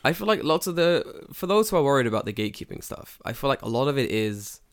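Here a Japan-based man chats casually on a podcast, his mid-range voice quick, clear, resonant and sing-song. His storytelling is heavy on curse words, and he voices the people he quotes.

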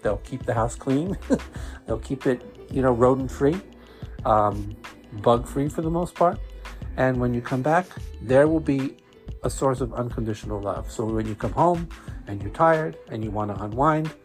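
Excited Brooklyn-accented man hosting. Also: medium pitch, unhurried, soft background music. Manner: enthusiastic, repeats words when excited. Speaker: podcast host. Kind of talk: casual podcast talk.

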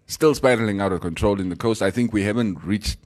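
A man's voice: on the low side, brisk, a little mellow. A young Namibian man hosting a morning radio show, chatting casually, joking, laughing often and dropping in Afrikaans words. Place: radio studio.

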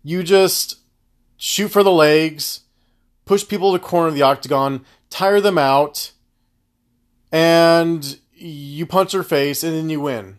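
Profane rambling man. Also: fairly high pitch. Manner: profane, animated, rambling, quick tangents. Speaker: podcast host. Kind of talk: casual solo rambling podcast.

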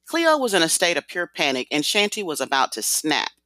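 An expressive audiobook narrator telling a novel. The voice is bright and lively in pitch, heard dry and close to the mic. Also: a little fast, dry recording. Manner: expressive storytelling. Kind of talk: scripted narration.

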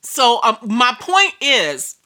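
A woman's voice: a little high, wildly swooping pitch, slow pace, sharp tone. A woman preacher telling a personal story in a sermon, emphatic and repetitive. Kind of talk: sermon testimony.

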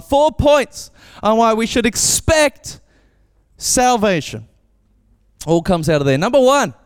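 A man preaching a casual, animated sermon as pastor, acting out voices when he tells a story. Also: very high-pitched, smooth, in a large hall. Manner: animated, acts out voices in anecdotes. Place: church.

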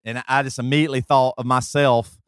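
In clean studio sound with no echo, this podcast co-host in his thirties has a smooth, fairly bright mid-range voice, speaking fairly quickly in a level tone. He rambles talkatively through casual chat and a host-read ad, using many fillers and restarts.

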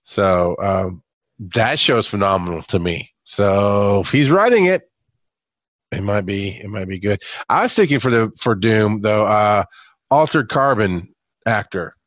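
A man's voice: on the low side, lively intonation, measured pace, no room sound. A man hosting a podcast who introduces topics in a laid-back, casual way and swears now and then. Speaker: podcast host. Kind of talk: casual chat.

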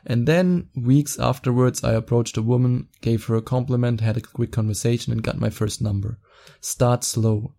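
A young man hosting a podcast, giving excited, fast-talking advice in a casual solo chat, quick to laugh. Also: medium pitch, creaky. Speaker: podcast host.

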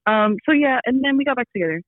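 A woman's voice: sits high, expressive, fast talker, no echo, phone-quality sound. A young adult woman, a podcast guest, telling a long personal story in casual chat, full of "like"s and quoted asides. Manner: rambling storyteller, many "like"s.

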